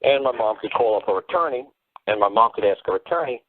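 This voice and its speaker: A man's voice: medium pitch, expressive, fast talker, no echo. A man giving emphatic, rambling advice on a call-in talk show, heard over a phone line. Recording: tinny dry phone line.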